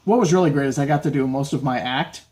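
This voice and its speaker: A man's voice: medium pitch, fast talker. A man telling stories on his podcast. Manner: animated, acts out quotes in shouts. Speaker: podcast host. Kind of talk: casual storytelling chat.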